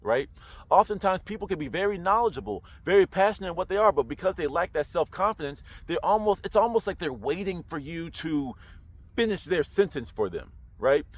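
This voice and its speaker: A man's voice: high voice, animated, a little fast. A man talking casually to camera in a slangy, roundabout way, full of rhetorical questions. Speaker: online commentator.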